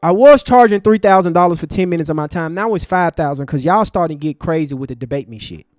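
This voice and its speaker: A man hosts his live stream in a high, animated voice that jumps from loud bursts to low mutters. He is openly angry and curses in street slang. The sound is close and dry, with faint music underneath. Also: fast, dry recording. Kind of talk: heated live stream commentary.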